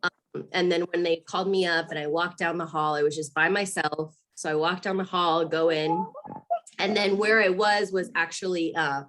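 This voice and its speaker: A woman's voice: on the low side, steady tone, normal speed, a bit bright, a little hiss or hum. Candid woman telling a personal story. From Arizona. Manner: candid, laughs often, acts out quoted voices. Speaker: guest mother.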